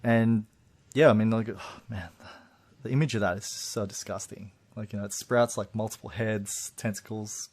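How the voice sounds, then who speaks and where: A man's voice: fairly low pitch, fairly even intonation, normal speed, a little mellow. A man co-hosting a podcast, chatting casually about a film, laughing often and restarting his sentences. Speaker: podcast co-host. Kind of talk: casual film review chat.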